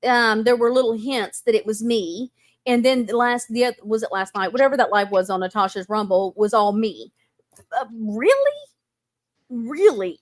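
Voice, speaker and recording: A woman hosts a casual gossip chat, blunt and fed up, swearing without a filter. Her voice is very high and swings widely in pitch. The sound is dry and close, with no room around it. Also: expressive, moderate pace, no room sound. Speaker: host.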